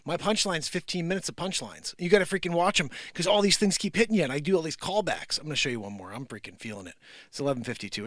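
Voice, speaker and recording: A man's voice: on the high side, fairly bright tone, no echo, clean studio sound. A man hosting a comedy news show, rambling animatedly and laughing at his own bits. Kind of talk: casual comedic commentary.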